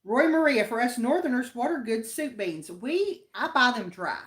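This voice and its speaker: Give me a homey Appalachian woman chatting on a livestream, slightly high-pitched, with a roomy echo. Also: lively intonation, normal speed, a bit bright. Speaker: livestream co-host. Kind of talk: casual chat reading viewer comments.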